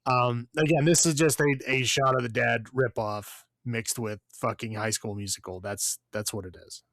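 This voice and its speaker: A man's voice: medium pitch, fairly even intonation, normal speed, vocal fry, a bit bright, no room sound, clean studio sound. A man co-hosting a podcast, giving a blunt, profane, rambling movie review with lots of fillers. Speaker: podcast co-host. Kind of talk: casual movie review chat.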